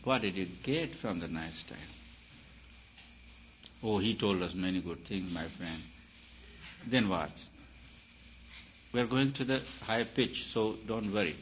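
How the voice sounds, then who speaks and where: A man with a lowish voice delivers a spiritual talk, pressing his points through repetition. His loudness swells and drops as he emphasizes. The recording is dull and lo-fi, with a faint hiss behind him. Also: expressive, unhurried, long pauses. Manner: emphatic, repeats phrases, rises and falls in loudness. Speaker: spiritual teacher.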